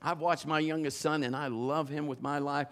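Middle-aged guy preaching, high bright voice, acts out all the quotes, full of life. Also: normal speed. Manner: animated storytelling with acted-out quotes. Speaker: pastor. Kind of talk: sermon.

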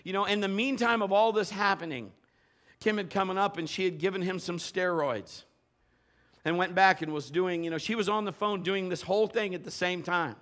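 A man's voice: sits high, moderate pace. A middle-aged male preacher telling a dramatic story in a sermon and acting out the voices and sounds in it. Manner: animated, acts out voices and sounds.

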